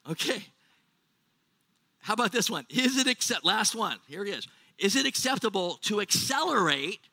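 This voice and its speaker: American male pastor, jokey and questioning with the crowd, high bright voice. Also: vocal fry, dry recording. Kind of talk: sermon. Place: church.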